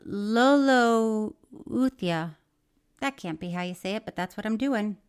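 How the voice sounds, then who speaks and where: A woman's voice: medium pitch, quick pace. A woman co-hosting a casual podcast, playfully reading listener letters aloud. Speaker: podcast co-host.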